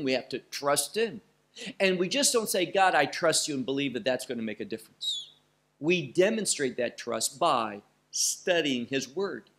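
A male Bible teacher preaching in a lively voice that swings widely in pitch. He speaks slowly and deliberately, leaning hard on single words and letting pauses hang between them.

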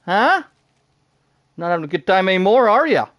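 A man giving live commentary while he plays a game, excitable, talking to himself and laughing often. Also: high-pitched, moderate pace, dry recording. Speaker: gaming streamer.

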